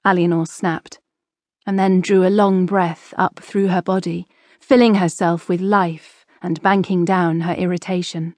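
A woman narrating a historical novel audiobook in a measured, expressive storytelling manner. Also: on the low side, no room sound.

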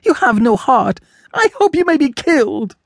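A jilted young woman from an old novel , voiced by a man reading aloud, high and shrill in the throat. Her lines sweep up and down as she pleads. The reading is close and dry, with no room sound. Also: very animated, moderate pace, gravelly, dry recording, heavily acted. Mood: furious. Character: young woman, jilted sweetheart, heartbroken and fiery. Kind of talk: audiobook character voice.

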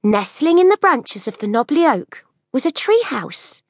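A woman narrating a children's audiobook in an expressive storytelling manner. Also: high voice, a little slow, no echo, clean studio sound.

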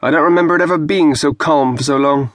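A man doing a gruff weathered sea captain. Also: a little high, fast, no room sound, studio quality, voice pushed up, natural voice. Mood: rueful. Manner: gruff, rueful sailor's speech. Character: weathered older male ship captain, brooding.

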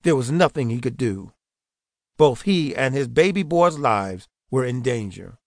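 A man narrates an audiobook in a steady, earnest manner at an ordinary middle pitch and a slightly slow pace. The sound is close and dry, with no room tone or echo.

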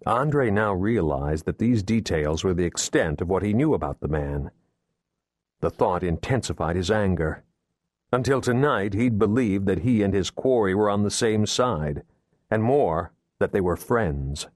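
A man reading a thriller audiobook in steady, measured scripted narration, recorded on a close studio mic. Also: low-pitched, dry recording. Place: recording booth.

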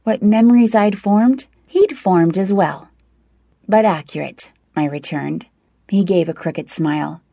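A woman's voice: mid-range voice, a little slow, gravelly, warm tone, no room sound. A woman reading a first-person novel aloud as an audiobook narrator, in a wry, conversational storytelling manner.

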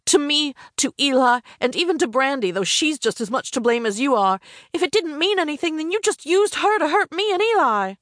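A woman playing a defiant young woman in an audiobook. Her voice lifts higher and pushes hard with a sharp, insistent edge. The recording is close and dry. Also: expressive, a little fast, dry recording. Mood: angry, defiant. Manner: sharp and insistent, rising to shouts. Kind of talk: audiobook character voice.

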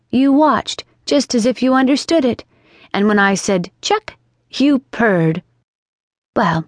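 A woman's voice: medium pitch, no room sound, lightly acted. A woman voicing a chatty, imaginative young girl in an audiobook, earnest and lilting. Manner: earnest, scolding and dreamy by turns, lilting. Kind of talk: audiobook character reading. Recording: dry studio sound.

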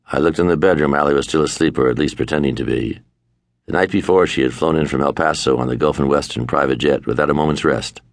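An older man with a gravelly voice, narrating his own memoir in a wry manner, at times dropping to a murmur. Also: extremely low pitch, no room sound, studio quality. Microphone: close studio mic.

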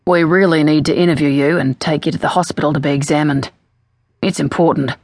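A woman's voice: low-pitched, fairly even intonation, brisk, a little mellow, no echo, clean studio sound. A woman voicing a brutish male police detective who talks in a soothing, patronizing way.

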